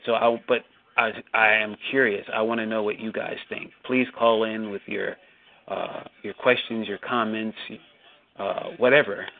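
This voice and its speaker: A man's voice: on the low side, flat delivery, unhurried, vocal fry. A man hosting a call-in show, talking casually with many restarts and growing indignation. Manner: hesitant, repeats words, indignant. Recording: tinny phone-line audio.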